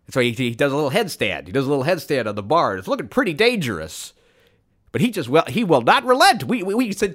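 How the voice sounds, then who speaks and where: A man telling a rambling, absurd comic story in a deadpan way, with sudden excited bursts. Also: a little high, quick pace. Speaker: comedic storyteller.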